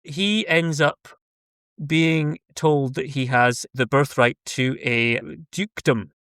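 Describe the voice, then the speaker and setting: A man's voice: mid-range voice, steady tone, takes it slowly, a bit bright, smooth, dry recording, studio quality. A Scottish man joking wryly as a podcast guest in casual chat. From Scotland. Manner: wry, joking.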